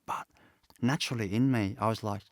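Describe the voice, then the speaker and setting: A spiritual teacher gives a satsang talk in a fairly low male voice. He speaks haltingly, reflective and earnest, with many pauses and restarts.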